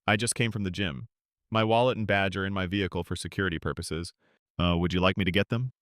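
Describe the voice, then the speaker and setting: A man voicing a calm, firm veteran male police sergeant who stands his ground in measured, assertive speech. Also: deep voice, no echo, studio quality. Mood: firm, composed. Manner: composed, assertive.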